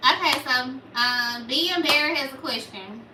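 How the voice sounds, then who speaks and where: A woman's voice: high voice, moderate pace, echoey room, distant mic, noisy background. A young woman from Memphis with a Memphis Southern accent and a small voice, chatting casually with viewers on a livestream and answering their comments. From Memphis, Tennessee. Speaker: livestream host.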